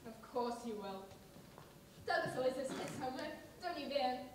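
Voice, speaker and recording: A young woman plays a worried mother of a poor family, soft and anxious, her high voice moving up and down. It rings out in an echoey hall from far off. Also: animated, normal speed, a little hiss or hum. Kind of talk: school stage play.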